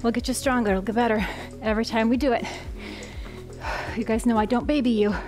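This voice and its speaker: A woman's voice: a little high, steady tone, a little fast. Breathless upbeat woman fitness instructor. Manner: upbeat coaching cues. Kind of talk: guiding a workout. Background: background music.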